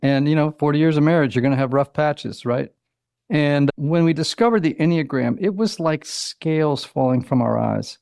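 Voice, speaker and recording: Interview guest, male, 60s, gravelly, animated talker with acted-out asides, dry close mic. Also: a little high, normal speed, no room sound. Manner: animated storyteller, acts out quotes, many "you know"s. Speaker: author and psychotherapist, guest. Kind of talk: conversational interview.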